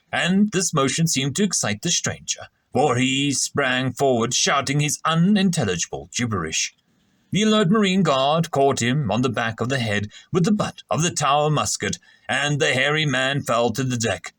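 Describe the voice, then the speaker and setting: A man narrating a science fiction story aloud in an expressive, animated reading voice. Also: mid-range voice, moderate pace, no room sound.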